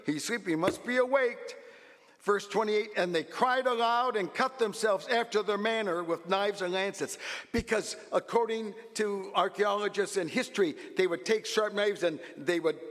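A man preaching a sermon as a pastor, swinging from low asides to loud, animated exclamations. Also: moderate pace, big-room sound.

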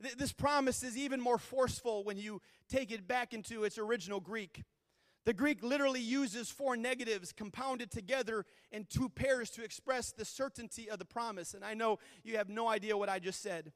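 A man's voice: very high voice, normal speed, no echo, big-room sound. A male pastor preaching a sermon with fervent, repeated refrains.

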